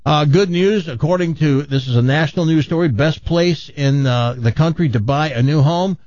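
An older man from Tennessee, hosting a radio show and telling stories in a wry, animated way. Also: fairly high pitch, moderate pace, dry recording, highs cut off. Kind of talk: casual morning show chat.

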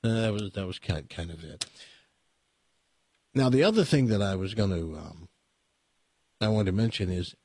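An American man is hosting a talk radio show, musing aloud in an opinionated, rambling way full of restarts. His husky voice swings up and down a lot as he talks. It is recorded close and dry on a studio microphone. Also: deep voice, lively intonation, moderate pace, long pauses, darkish tone, dry recording. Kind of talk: casual talk radio monologue.

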